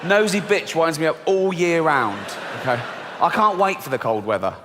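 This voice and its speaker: Deadpan English comedian in a big hall. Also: male voice, on the high side, normal speed, noisy background. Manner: deadpan, dark and crude, acts out characters. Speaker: stand-up comedian. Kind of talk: stand-up comedy set. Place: theatre stage. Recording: reverberant hall, faint ambience.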